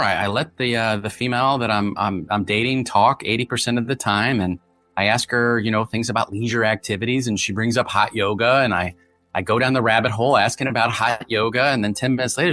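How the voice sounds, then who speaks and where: A middle-aged man speaks as a podcast guest, his voice low and bright with a forceful edge. He explains things in long, anecdotal runs and often restarts his sentences. The recording is dry and close, with faint music behind it. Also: fast talker, dry recording. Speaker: guest author, former polygraph examiner. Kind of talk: conversational podcast interview.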